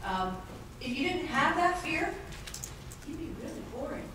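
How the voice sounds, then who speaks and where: A woman's voice: high voice, sing-song, a little slow, background noise. A woman giving an earnest, encouraging talk on stage at a conference, poking fun at herself. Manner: earnest, encouraging, self-mocking. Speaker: panel speaker, trainer. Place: conference hall. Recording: echoey hall, mic from far off.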